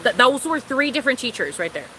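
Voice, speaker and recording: Give me a young woman with a sharp, bright voice telling an exasperated storytime rant. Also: on the high side, sing-song, fast, a little hiss or hum, poor audio. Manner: exasperated, incredulous, swears freely, laughs often. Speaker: vlogger.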